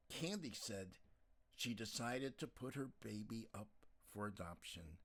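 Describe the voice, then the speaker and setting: A man reads a novel aloud in a calm, measured way, taking his time over every sentence. His middling voice rises and falls in lively, expressive curves. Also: fairly low pitch. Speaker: narrator. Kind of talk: scripted audiobook narration.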